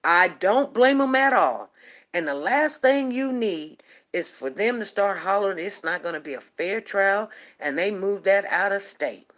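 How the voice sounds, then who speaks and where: A talk-show host delivers a casual monologue, rambling and repeating herself as she presses emphatic points on her listeners. Her voice is medium-pitched and animated, at a normal speed.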